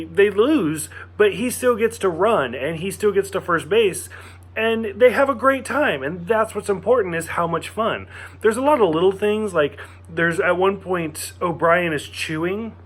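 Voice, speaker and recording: A man's voice: sits high, fairly bright tone. A man giving a casual, enthusiastic spoken review of a TV episode, talking with lots of fillers and restarts.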